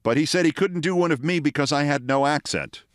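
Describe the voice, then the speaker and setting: A man's voice: a little high, fairly quick, dry recording, clean studio sound. A man in his sixties, originally from the Bronx, hosting and telling a wry, precisely delivered anecdote. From the Bronx, New York. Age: 60s. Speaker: host. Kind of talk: storytelling monologue.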